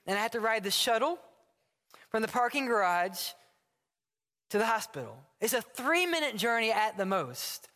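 A man preaching a sermon from the pulpit, telling stories and acting out short dialogues. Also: sits high. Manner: animated storytelling with acted dialogue. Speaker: pastor. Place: church sanctuary. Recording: long hall reverb.

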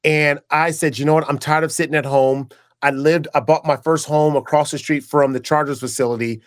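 A man with a slightly high voice tells stories in a casual interview, acting out the lines of the people he quotes and restarting his sentences. He is a former pro football player turned broadcaster. His voice sounds dry and close. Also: a little fast, dry recording. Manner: animated storyteller who acts out quoted dialogue, with frequent restarts.

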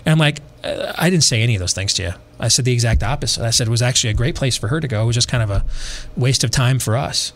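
A man hosting a podcast, telling a long personal story in a casual, animated way, repeating himself and adding dry asides. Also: mid-range voice, very fast, few pauses. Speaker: podcast host.

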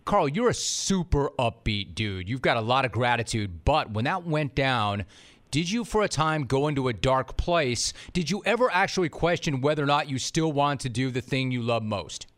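A man's voice: medium pitch, animated, normal speed, fairly bright tone. A man hosting a podcast interview, asking questions enthusiastically and emphatically. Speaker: podcast host.

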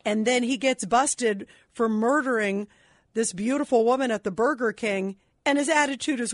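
A woman's voice: fairly high pitch, normal speed, dry recording, clean studio sound. A woman hosting a talk radio show, indignant and emphatic as she takes calls. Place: radio studio.

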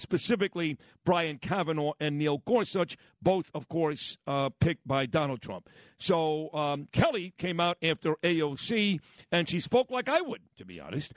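A man from Brooklyn with a New York accent, hosting a talk radio show with a blunt, brash and animated way of telling stories. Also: on the high side, dry recording. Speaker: radio host. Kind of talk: opinionated talk radio monologue.

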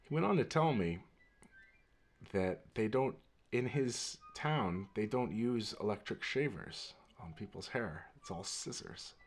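A man hosting his own podcast, telling a story in a rambling, animated way and laughing readily. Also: lowish voice, measured pace. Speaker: podcast host. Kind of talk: casual storytelling monologue.

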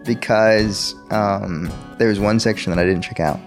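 A man with a fairly low voice tells a personal story in a relaxed, chatty way. He acts out every quoted line, and his voice leaps high on them. Faint music plays underneath. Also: normal speed. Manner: animated, acts out quoted dialogue with sharp pitch jumps. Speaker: guest telling his story. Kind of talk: casual storytelling.

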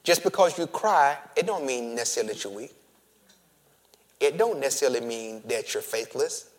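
A man preaching a sermon, moving from hushed, whispered lines to loud, emphatic calls, stretching words for emphasis and calling his listeners family. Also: mid-range voice, lively intonation, moderate pace. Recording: long reverb of a large hall.

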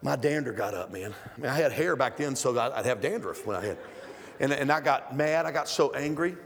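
A middle-aged male guest preacher giving a conversational sermon full of stories, building to loud, emphatic stretches. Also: medium pitch, lively intonation, fairly quick. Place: church sanctuary. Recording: long hall reverb.

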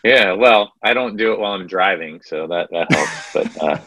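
Low-voiced man telling sports stories. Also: moderate pace, no room sound, low-quality recording. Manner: storytelling, animated retelling of anecdotes. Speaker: podcast co-host. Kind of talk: casual sports podcast chat.

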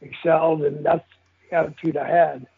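Gravelly older man on a tinny phone line. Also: on the high side, level tone, normal speed. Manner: blunt, profane, chuckling often. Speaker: guest telling stories of his football days. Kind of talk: casual storytelling interview.

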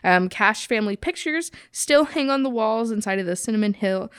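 A woman's voice: on the high side, expressive, moderate pace, clear, resonant tone, no room sound, studio quality. A woman co-hosting a podcast, chatting playfully with lots of fillers. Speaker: podcast co-host. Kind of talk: casual chat.

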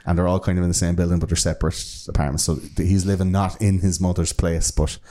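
Talking quickly in a low, dark-toned voice with a flat delivery, a man co-hosting a podcast walks through a true-crime case. The conversation is casual and halting, packed with fillers and restarts, with offhand swearing.

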